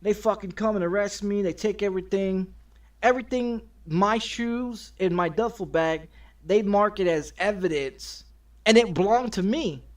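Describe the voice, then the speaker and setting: A man with a fairly high-pitched voice tells a long story as he streams a game. He swears freely and rambles, stumbling over his words and starting his sentences again. It sounds like loose, offhand storytelling. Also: moderate pace. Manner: profane and rambling, with many restarts. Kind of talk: casual storytelling while streaming.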